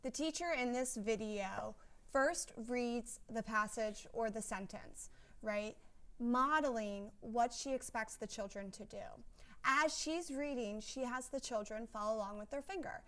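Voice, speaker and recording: A woman's voice: fairly high pitch, a little slow, a bit bright. Woman explaining tips to parents. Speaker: presenter.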